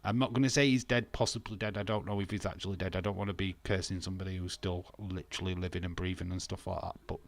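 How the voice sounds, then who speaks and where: A man casually chatting with viewers as he hosts a wrestling watch-along, self-mocking and quick to laugh. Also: sits low, fairly even intonation. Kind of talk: casual live-stream chat with viewers.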